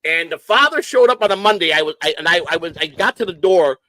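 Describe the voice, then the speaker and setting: A man's voice: high-pitched, expressive, fast, bright, forceful tone, dry recording. Hyper, tense-voiced man from Chicago. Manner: hyper, rambling, profane storyteller. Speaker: show host. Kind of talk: casual livestream chat.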